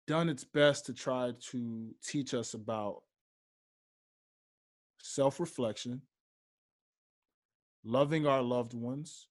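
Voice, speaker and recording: A young man hosting a solo podcast, speaking slowly and deliberately and stressing his key points. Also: mid-range voice. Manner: slow, deliberate, emphatic. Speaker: podcast host.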